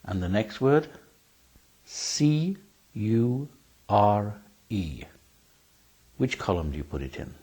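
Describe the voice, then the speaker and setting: A man's voice: on the low side, big pitch swings, measured pace, long pauses, darkish tone, breathy edge, rough recording. A man teaching a spelling lesson, speaking carefully and spelling words out letter by letter.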